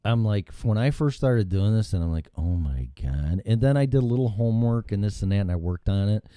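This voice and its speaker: Swearing talk-show host, deep dark voice. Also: male voice, fast, clean tone, no echo, studio quality. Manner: profane, rambling, animated storytelling. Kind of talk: casual talk show chat. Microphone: studio mic with headphones.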